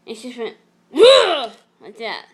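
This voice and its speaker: A middle-aged woman telling a personal story in a vlog, emotional and halting, often repeating and restarting her words. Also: on the high side, a bit bright. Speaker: vlogger.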